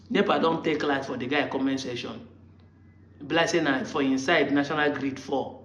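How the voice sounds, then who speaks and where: A man's voice: on the high side, brisk. A man with a Nigerian accent giving a combative monologue, firing off rhetorical questions at his critics. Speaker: online commentator. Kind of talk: argumentative monologue. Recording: roomy, muffled lo-fi sound.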